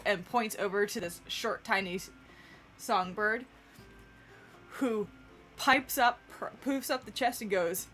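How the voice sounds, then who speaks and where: A woman narrating as game master of a tabletop game, unhurried and often laughing. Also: medium pitch, fairly bright tone, soft background music.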